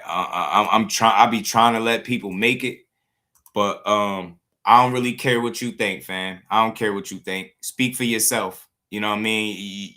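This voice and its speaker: A man with a bright, forceful voice delivers a livestream commentary rant. He talks bluntly in heavy slang, circling back over the same phrases as he works himself up. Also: on the low side. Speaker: boxing channel host.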